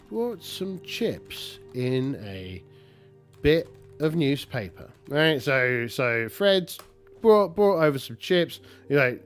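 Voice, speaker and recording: A man narrating a solo tabletop game, talking in a halting, rambling way with many restarts. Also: medium pitch.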